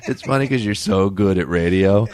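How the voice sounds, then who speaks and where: A man's voice: low voice, normal speed, darkish tone. A man, a comedian, telling blunt, self-mocking stories in casual chat.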